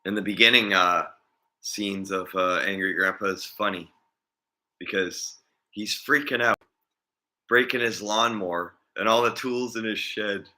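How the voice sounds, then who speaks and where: A man's voice: fairly low pitch, fairly even intonation, unhurried, sharp tone. A man vlogging in a casual, rambling chat, often chuckling as he talks.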